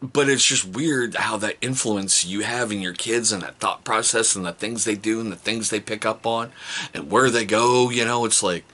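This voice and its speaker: A middle-aged man telling stories about his kids in a casual, joking vlog. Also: normal speed. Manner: animated, jokey, mimics his kids in high voices. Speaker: vlogger, father.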